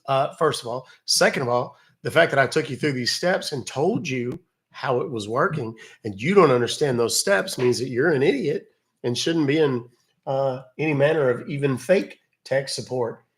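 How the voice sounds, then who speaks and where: A man's voice: mid-range voice, moderate pace. A man from West Virginia hosting a livestream, chatting with viewers in a joking, casual way. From West Virginia, USA. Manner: joking, chatty, talks to his chat. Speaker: scam-baiting livestream host.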